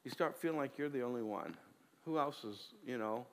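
A man preaching a sermon as a pastor, animated, with frequent restarts and repeated words. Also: mid-range voice, fairly quick, creaky, big-room sound.

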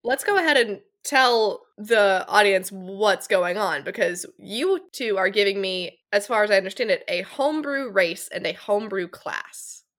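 A woman's voice: mid-range voice, moderate pace, few pauses, a bit bright. A woman hosting a podcast on headphones, teasing her guests in a dry, casual way. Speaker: podcast host. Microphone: headset.

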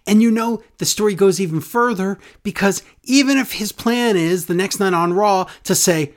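A man's voice: high-pitched, normal speed, hardly any pauses. A man hosting a casual podcast, chatting animatedly and reading listener emails aloud with jokes. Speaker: podcast host. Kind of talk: casual wrestling podcast chat.

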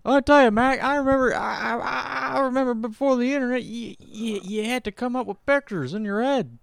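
A man doing a comedic impression of a rambling, gruff old male president who stammers and repeats himself. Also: extremely high pitch, fairly quick, a bit bright, dry recording, clean studio sound, full character voice.

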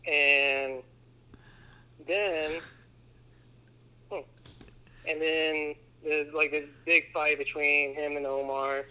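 This is a man co-hosting a casual film podcast, recapping a horror movie plot. His voice is very bright and edgy, a little high for a man, and he keeps jumping into quick character voices. The pace is loose and conversational. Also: level tone, smooth, poor audio. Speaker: podcast co-host.

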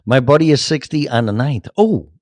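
A man's voice: mid-range voice, lively intonation, moderate pace, no echo, studio quality. Rambling fifty-something man hosting a podcast. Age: 50s. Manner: rambling, talks to chat, many fillers and restarts. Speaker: podcast host. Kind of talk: casual chat reading live comments.

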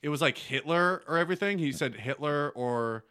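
Bright-voiced man cracking crude jokes. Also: fairly high pitch, moderate pace, clean tone. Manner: loud, profane, laughs often. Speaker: podcast co-host. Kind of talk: crude comedic banter.

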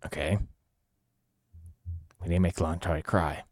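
A man's voice: low voice, steady tone, unhurried, no echo, studio quality. A man playing in a tabletop game, thinking aloud and asking questions. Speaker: player. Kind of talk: casual tabletop game play.

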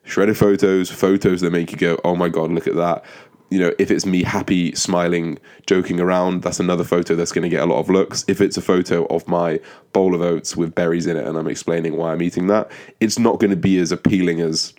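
Very low-voiced man hosting a podcast. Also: a little fast. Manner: rambling, profane, frequent ums and restarts; describes own voice as monotone. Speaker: podcast host. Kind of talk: casual solo podcast monologue.

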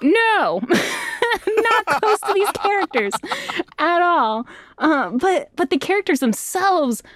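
A woman's voice: very high-pitched, big pitch swings, takes it slowly, fairly bright tone, dry recording. A young woman voice actor chatting as an interview guest, bubbly and self-deprecating, laughing often. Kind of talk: casual interview chat.

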